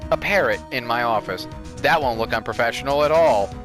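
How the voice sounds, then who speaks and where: Dry sarcastic let's player chatting through a game, lively pitch, game music going underneath. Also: brisk. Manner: sarcastic and deadpan. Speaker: let's play host. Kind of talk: casual gameplay commentary.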